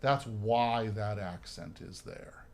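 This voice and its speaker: A man's voice: fairly low pitch, slow pace, gravelly. A man leading a hands-on violin workshop, chatty, singing phrases and checking in with "right?" as he coaches the players. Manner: chatty, sings phrases, frequent "right?" and "okay?". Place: room with musicians playing.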